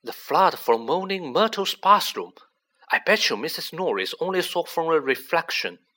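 A man doing a breathless boy wizard in a storybook reading, raised a few steps above the narrator's own bright, lively voice. He piles up clues in eager, urgent bursts. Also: on the high side, voice pushed up, exaggerated voice. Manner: eager, urgent, rapid reasoning. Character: excited boy wizard, quick-thinking young male student.

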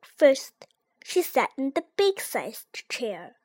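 A child reads a storybook aloud with a high, lively voice that rises and falls a lot. The reading is slow and careful, each phrase set apart. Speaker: reader.

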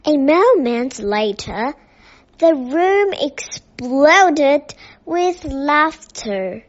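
Female storyteller, native Chinese speaker, slow careful English read-aloud, high voice. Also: big pitch swings. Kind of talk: reading a children's story aloud. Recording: dull lo-fi recording.

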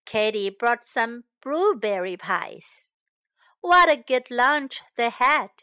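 A high, lively female voice reads a children's story slowly and clearly. Her tone is bright, and her pitch rises and falls with every phrase. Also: no room sound, clean studio sound. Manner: slow, clear, expressive reading with voiced characters.

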